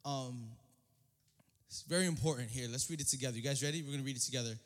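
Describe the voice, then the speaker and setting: A young man preaching a sermon as pastor, speaking in casual slang and repeating phrases, swinging between hushed and shouted delivery. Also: mid-range voice, fast talker. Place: church hall. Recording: long hall reverb.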